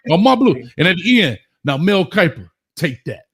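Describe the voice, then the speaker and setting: A man's voice: sits high, sing-song, normal speed, breathy edge. A man hosting a casual livestream, playfully bossy as he directs the take.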